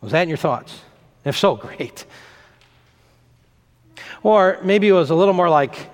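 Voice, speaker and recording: A male pastor preaches with an animated, emphatic delivery, building on repeated phrases. His voice sits a bit high. A long reverb trails every line. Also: unhurried, pauses often. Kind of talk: sermon.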